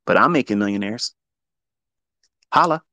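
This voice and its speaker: A man teaches trading in a live audio talk, blunt and heavily profane, lurching from loud, emphatic bursts to quieter asides. His voice is lowish and expressive at a moderate pace, and the recording is dry.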